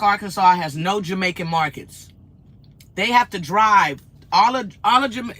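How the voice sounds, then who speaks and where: Woman from Los Angeles, truck-driver streamer, blunt and direct, bright tone, phone mic in the cab. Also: lowish voice. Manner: blunt, direct, animated storytelling. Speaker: livestream host, truck driver. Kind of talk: casual livestream chat.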